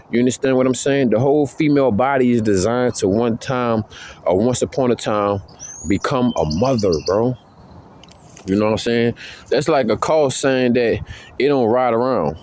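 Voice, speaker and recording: A man's voice: medium pitch, darkish tone, slight background noise. A man talking to the camera in a slangy, profane, rambling way, telling stories about his past relationships. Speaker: vlogger. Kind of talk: casual monologue.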